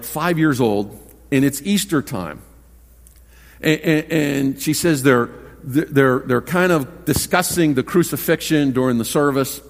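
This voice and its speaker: A man preaching a sermon as pastor, earnest and conversational, often repeating words as he starts a thought. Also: a little high. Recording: long hall reverb.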